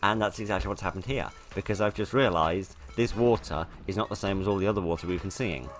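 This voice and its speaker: A man's voice: low-pitched, fast, soft background music. A man giving casual gameplay commentary, chatty and self-deprecating, rambling as he plays. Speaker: let's play host.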